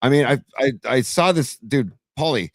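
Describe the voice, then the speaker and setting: Excited rambling podcast co-host man. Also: mid-range voice, normal speed, dry recording. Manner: excited, rambling, lots of "dude". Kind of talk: casual sports chat.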